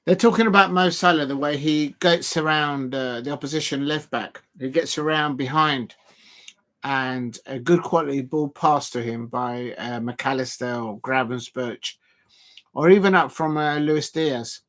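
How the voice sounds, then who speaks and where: A man's voice: mid-range voice, measured pace, a bit bright. A man hosting a live football watch-along, chatting loosely to viewers and filling gaps with ums and restarts. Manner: rambling, full of fillers and restarts, talking to chat viewers.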